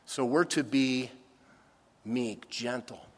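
A man preaching a sermon, slow and emphatic, swinging between loud stressed phrases and soft, low asides. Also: slightly rough, long reverb tail. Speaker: pastor.

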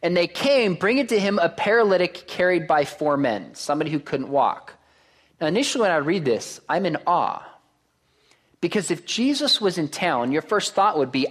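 A man's voice: high-pitched, moderate pace. A man preaching a sermon to a congregation, reading verses aloud and putting questions to the crowd. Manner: animated, asks the crowd questions. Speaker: pastor.

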